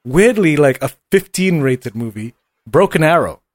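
A man chatting casually about films, cursing freely and tossing in quoted movie lines. His voice sits a bit high and swings widely in pitch. The sound is dry and close. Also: expressive, normal speed, a little mellow, no echo.

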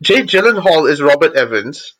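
A man co-hosting a casual chat, animated and chatty as he shares movie news. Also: fairly high pitch, normal speed, rough recording.

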